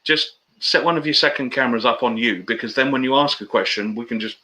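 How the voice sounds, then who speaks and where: A chatty man spins stories with matey banter as an interview guest. His voice is bright and forceful, at an ordinary middle pitch, heard over a video call. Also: fast, poor audio. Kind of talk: casual interview chat.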